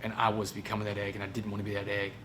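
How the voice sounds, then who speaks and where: A man with a Texan accent giving a motivational storytelling speech. He is animated and folksy, and keeps calling the audience "y'all". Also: on the low side, very fast, a little hiss or hum. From Port Arthur, Texas. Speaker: motivational speaker.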